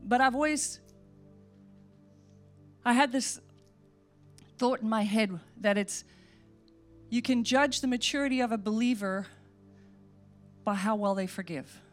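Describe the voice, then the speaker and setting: Woman pastor, fairly high voice, earnest altar-call sermon, faint music under it. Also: a little slow, long pauses. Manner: earnest, repeating short phrases, pleading in prayer. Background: soft music.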